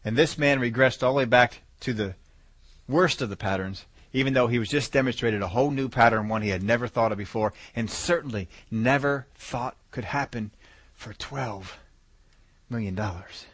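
A man's voice: mid-range voice, fairly quick, a bit bright, dry recording. A male preacher giving a sermon, driving points home by repeating key words and numbers.

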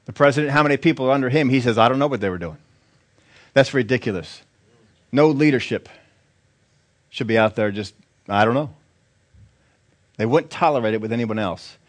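A man preaching a sermon as a pastor, animated and acting out the quotes he tells. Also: medium pitch, normal speed, pauses often.

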